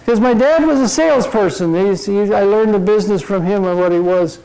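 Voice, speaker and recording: An older man gives a humorous motivational talk at a club meeting, delivering his jokes deadpan. His voice sits high and has a gravelly edge. The audience laughs behind him. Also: a little fast, slight background noise, rough recording. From Minnesota. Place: meeting room before a live audience.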